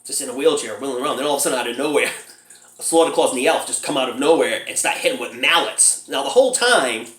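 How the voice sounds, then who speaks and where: Man reviewer, casual and giggly, animated pitch, recorded in an echoey room. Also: fast. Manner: laughs often while retelling scenes, mimics characters in high squeals. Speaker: movie reviewer.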